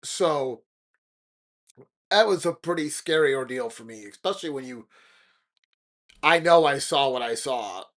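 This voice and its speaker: A man hosting a podcast, telling a personal ghost story in an animated, dramatic way. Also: mid-range voice, measured pace, pauses often. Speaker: podcast host. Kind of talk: casual storytelling.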